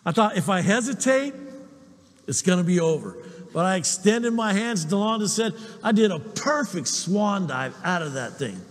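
A man preaching a sermon, telling personal stories in an animated way and chuckling often. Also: sits high, normal speed, big-room sound. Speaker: pastor.

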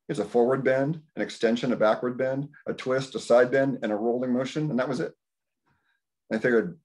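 A man in his fifties giving a rambling, casual talk at a community dinner, telling stories and acting out his own thoughts. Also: normal speed. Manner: animated storytelling, acts out his own thoughts in higher voice. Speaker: health practitioner speaking at a community dinner. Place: indoor community dinner gathering.

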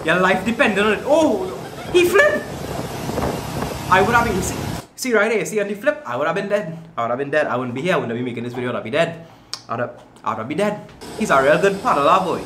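Excitable male reaction host with a high, swooping voice, recorded in an echoey room with background noise. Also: quick pace. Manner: excitable, repeats phrases, slangy. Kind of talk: casual commentary reacting to clips.

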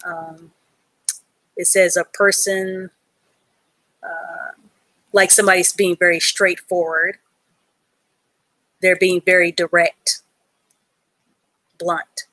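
Patient reading teacher lady, talks real slow, dry close sound, praises her students a lot. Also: lowish voice, flat delivery, pushed and bright, no room sound. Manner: praises learners from the chat. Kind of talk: live online reading lesson.

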